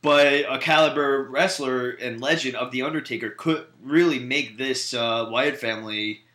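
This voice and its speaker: A man's voice: mid-range voice, normal speed, a bit bright, reverberant. A man co-hosting a podcast in casual chat, earnest and curious as he weighs rumors and pokes at his co-host.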